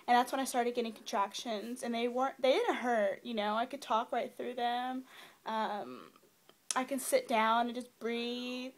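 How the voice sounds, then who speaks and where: Young woman, slightly high voice, casual chatter, lots of fillers, camera mic. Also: steady tone, unhurried. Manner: chatty, many fillers, rambling. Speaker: new mother vlogger.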